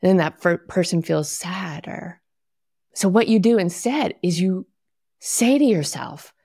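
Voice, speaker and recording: A woman with a very low, gravelly voice talks in an earnest, reflective way. She sometimes sinks to a near whisper. The sound is dry and close. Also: expressive, measured pace, warm tone, no room sound. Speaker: guest, wellness author. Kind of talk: casual conversation.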